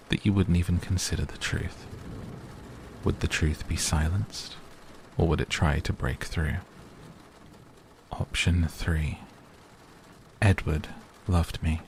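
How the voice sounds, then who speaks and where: A male narrator reads a bedtime story slowly and soothingly. His voice is very deep and gravelly, and a faint patter of rain sits behind him. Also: a little mellow, slight background noise.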